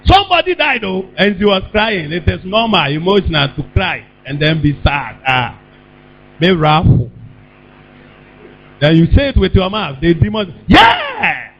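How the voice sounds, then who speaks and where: A man preaching a sermon, calling out questions for the congregation to answer and breaking into sudden shouts. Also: high voice, sing-song, moderate pace. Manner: call-and-response preaching, bursts of shouting. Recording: dull lo-fi with mains hum.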